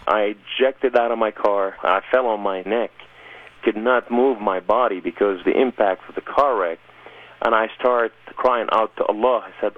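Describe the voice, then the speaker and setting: Earnest man, gravelly testimony voice, phone-line radio audio. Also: lowish voice, normal speed. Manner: earnest storyteller, rising intensity. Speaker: guest telling his testimony. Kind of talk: emotional personal testimony.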